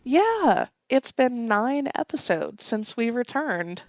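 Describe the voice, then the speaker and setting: A woman's voice: on the high side, big pitch swings, slow, no echo, clean studio sound. A woman co-hosting a podcast, greeting listeners and bantering in an upbeat, teasing way. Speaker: podcast co-host. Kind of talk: casual podcast chat.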